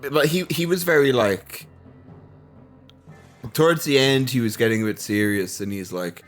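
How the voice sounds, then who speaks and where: A man's voice: mid-range voice, moderate pace, soft background music. An Irish man co-hosting a podcast, talking in a loose, rambling way with lots of quoting. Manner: rambling, hesitant, quotes others a lot. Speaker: podcast co-host. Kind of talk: casual chat.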